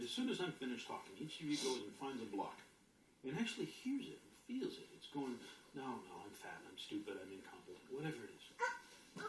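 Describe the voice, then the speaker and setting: A spiritual teacher giving an emphatic, animated motivational talk to an audience, sometimes acting out inner voices with sudden shouts. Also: mid-range voice, slight background noise. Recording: roomy echo with faint ambience.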